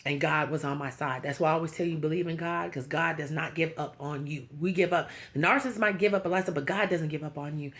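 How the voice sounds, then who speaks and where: A woman speaks directly to her viewers in a slightly low voice. Her talk is earnest and heartfelt, rising into preaching encouragement. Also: quick pace, few pauses, low-quality recording. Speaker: YouTube channel host. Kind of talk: emotional direct-to-camera talk.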